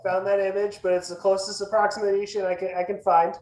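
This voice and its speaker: Male player, mid pitch, halting with lots of ums, roomy echo on the mic. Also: level tone, darkish tone. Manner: hesitant, many fillers. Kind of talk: casual chat about a tabletop character.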